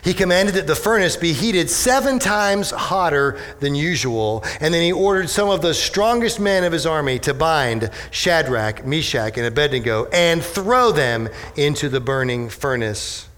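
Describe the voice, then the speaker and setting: A male pastor preaches with animated energy, tossing rhetorical questions to his congregation. His voice sits a little high for a man, and a long reverb trails each phrase through the sanctuary. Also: normal speed, few pauses. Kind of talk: sermon. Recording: echoey hall with long reverb.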